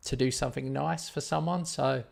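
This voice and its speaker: A man's voice: mid-range voice, fairly even intonation, normal speed, gravelly. A man telling a story in casual chat on his live stream, rambling and self-deprecating.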